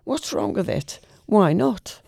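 A woman's voice: mid-range voice, big pitch swings, takes it slowly, vocal fry, dark tone, husky, no room sound, clean studio sound, voice pushed up, heavily acted. A woman voicing a tired middle-aged daughter who humours her old father with cool patience. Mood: coaxing. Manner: humouring, coaxing.

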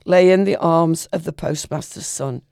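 A woman reading a literary short story aloud in a measured, expressive way. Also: low-pitched, creaky, no room sound, studio quality. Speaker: reader.

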